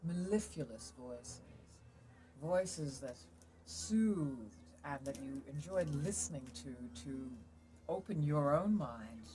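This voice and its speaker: A woman's voice: a bass voice, warm tone, a little hiss or hum, rough recording. A woman with a British accent, chatting casually and frankly as a podcast host, often laughing as she rambles. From England. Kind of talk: casual chat. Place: outdoors at home, laundry in the sun.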